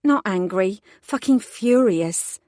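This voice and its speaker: A woman's voice: medium pitch, lively intonation, slow pace, darkish tone, no room sound, studio quality. A woman voicing a young female detective, firm and earnest, in an audiobook. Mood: frank.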